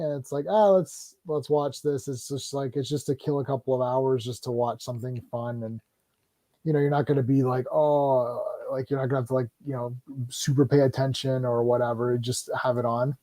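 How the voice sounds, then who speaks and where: A man chatting casually on a livestream, rambling with fillers and jumping into raised, animated voices when he retells movie scenes. His voice sits at an ordinary pitch and the sound is dry and close to the mic. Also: fast, no echo. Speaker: stream host.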